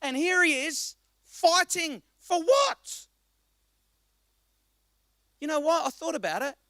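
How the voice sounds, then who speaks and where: A male pastor preaching a passionate sermon, swinging between quiet reflection and loud exhortation. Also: very high voice, takes it slowly, dry recording, studio quality. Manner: impassioned, rising to loud exhortation.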